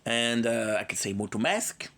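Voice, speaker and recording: Sounding expressive and a bit bright at normal speed, a medium-pitched man who is tired and has a cold chats with his stream audience. He rambles along, cracking jokes as he goes.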